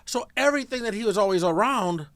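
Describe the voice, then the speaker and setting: A man's voice: high voice, expressive, quick pace, a bit bright, no echo. A man hosting a casual interview, telling chatty personal anecdotes. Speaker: interview host.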